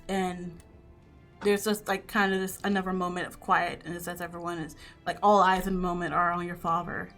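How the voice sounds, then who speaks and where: A woman's voice: fairly low pitch, little pitch movement, fairly quick, fairly bright tone, faint music behind. A young woman game master narrating a tabletop game in a casual, filler-heavy way.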